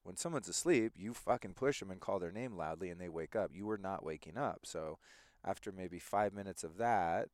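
A man telling a story in casual conversation, animated, swearing freely and acting out quoted voices. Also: sits low, moderate pace, dry recording. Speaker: podcast guest.

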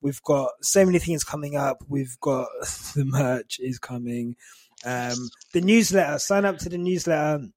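A man's voice: mid-range voice, a little slow, no echo, clean studio sound. A man co-hosting a casual podcast chat, getting emotional and laughing as he tells stories. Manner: emotional, laughing, animated storytelling. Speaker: podcast co-host.

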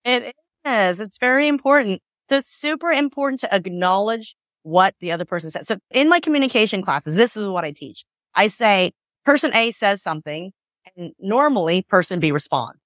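A woman's voice: mid-range voice, lively intonation, normal speed, a bit bright, dry recording, clean studio sound. A woman divorce mediator in a conversational interview, explaining with acted-out examples and lots of "like" and "right?".

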